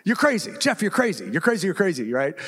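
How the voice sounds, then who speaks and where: A man's voice: high voice, sing-song, quick pace, a bit bright, breathy edge, heavily acted. A man playing an exasperated male realtor who keeps insisting, in a raised voice, in an echoey church hall. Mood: incredulous. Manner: incredulous, repetitive pleading.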